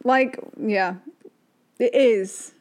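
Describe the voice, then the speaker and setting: An American woman with a slightly high voice trading banter on a podcast. She teases and swears in playful mock outrage. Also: very slow, darkish tone. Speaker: podcast co-host. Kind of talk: casual chat.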